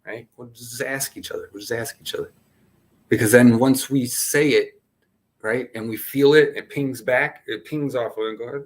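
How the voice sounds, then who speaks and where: A man's voice: mid-range voice, fairly even intonation, normal speed. Man, spiritual session host; loose, playful, wandering delivery with frequent laughs. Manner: playful, laughs often, jumps between topics. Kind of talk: casual rambling spiritual talk.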